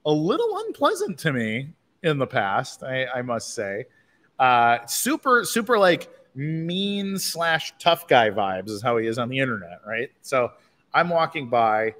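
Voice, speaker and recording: A man hosting a livestream, telling a story in a casual, animated way, laughing often and restarting his sentences. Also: medium pitch, a little slow, in a large hall. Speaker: livestream host.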